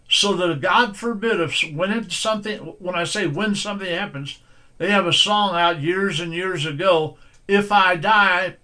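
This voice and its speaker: A man, a pastor, speaks straight to the camera in a fairly high, bright, edged voice. His talk is earnest and folksy, circling back to hammer the same points home. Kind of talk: direct-to-camera sermon-style advice.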